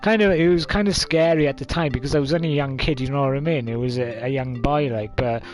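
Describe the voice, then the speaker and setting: A man's voice: medium pitch, quick pace, faint music behind. A man of twenty-five, telling a story casually to camera with lots of fillers. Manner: rambling, many fillers, coughs and laughs.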